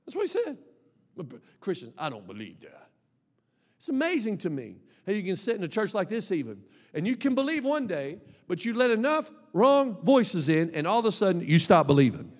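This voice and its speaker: Brief: high-pitched male pastor, emphatic sermon delivery, long church-hall reverb. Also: big pitch swings, a little fast. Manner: emphatic, swings between soft asides and loud exhortation. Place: church sanctuary.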